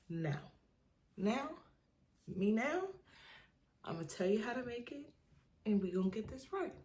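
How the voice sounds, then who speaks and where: A woman's voice: a little high, lively intonation, a little fast, a little mellow. A young adult woman talking casually to camera in an emphatic, chatty way, often asking "you know what I mean". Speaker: vlogger. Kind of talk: casual advice monologue to camera.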